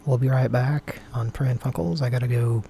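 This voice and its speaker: A man's voice: medium pitch, fairly even intonation, moderate pace, gravelly, warm tone, slight background noise. A man hosting a prank call show, offhand and goofy between calls. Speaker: host.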